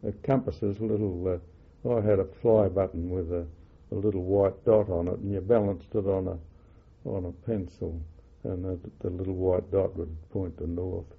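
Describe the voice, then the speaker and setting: Older man, low gravelly voice, halting wartime recollection, muffled phone-like audio. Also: steady tone. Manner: halting, many fillers and self-corrections. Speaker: interviewee. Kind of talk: oral history recollection.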